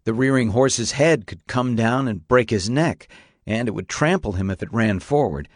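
A man narrating a story in a steady, measured audiobook reading. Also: medium pitch, no echo, clean studio sound.

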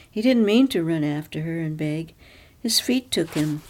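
A woman narrating a literary story aloud in a measured, even reading. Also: low voice. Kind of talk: audiobook reading.

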